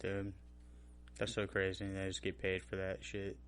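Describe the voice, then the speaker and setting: A man co-hosting a casual podcast with a somewhat low voice. He talks loosely and swears freely, slipping into acted-out quotes as he goes. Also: moderate pace, slight background noise. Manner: animated, profane, acts out quotes. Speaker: podcast co-host. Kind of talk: casual chat.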